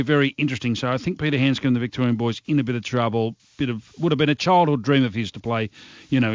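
An Australian man delivering a radio sports rundown in lively, exasperated bursts. His voice is dry and slightly dull, with little room sound. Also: mid-range voice, no room sound. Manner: animated, exasperated rants. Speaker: sports commentator.

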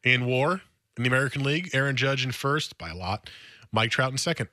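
A man co-hosting a sports radio show in a studio, excitable and quick to laugh. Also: medium pitch, dry recording. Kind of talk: casual sports radio banter. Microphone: studio mic.

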